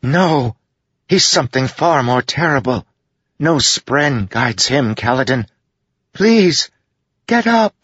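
A man voicing a small female spirit of light, urgent and pleading in a raised high voice. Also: lively intonation, slow, long pauses, husky, dry recording, highs cut off, heavily acted.

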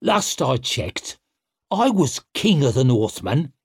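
A man's voice: mid-range voice, very animated, slow pace, creaky, husky, no room sound, studio quality, pitched above the performer's own voice, full character voice. A man voicing a wild, menacing young barbarian king who talks in a sneering, mocking manner.

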